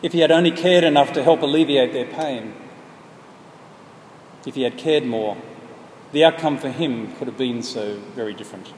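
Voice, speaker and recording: A man telling a story as a sermon, speaking earnestly and at a measured pace. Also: mid-range voice. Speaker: preacher. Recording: echoey hall, faint background noise.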